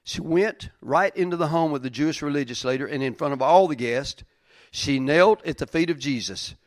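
A man preaching a sermon in a plain-spoken, folksy way, repeating phrases for emphasis and swinging between loud and soft. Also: on the high side, moderate pace, dry recording. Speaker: pastor.

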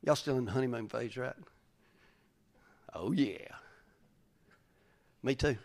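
A man preaching a folksy sermon as pastor, swinging from loud calls to hushed whispers. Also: medium pitch, slow pace, vocal fry.

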